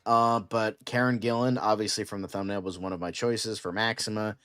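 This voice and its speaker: Man, fairly low voice, blunt, swears a lot, jokey, casual co-host chat. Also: fairly even intonation, a little fast, fairly bright tone, clear, resonant tone. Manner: blunt, profane, joking. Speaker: podcast co-host.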